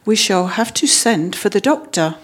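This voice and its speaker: A woman voicing a kindly, motherly middle-aged woman with a gentle, fussing manner in a storybook reading. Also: medium pitch, expressive, normal speed, natural voice. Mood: soothing.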